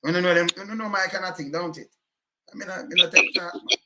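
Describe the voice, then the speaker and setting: A man's voice: sits high, fairly even intonation, fast, a crowd in the background. A Jamaican man giving heated, emphatic commentary in patois, repeating himself and cursing often.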